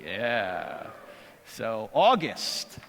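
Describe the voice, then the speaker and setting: A man's voice: on the low side, huge pitch swings, drawn-out words, gravelly, fairly bright tone, big-room sound, slight background noise. A middle-aged man giving a humorous seminary lecture, joking and quizzing his audience. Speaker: apologetics speaker. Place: lecture hall.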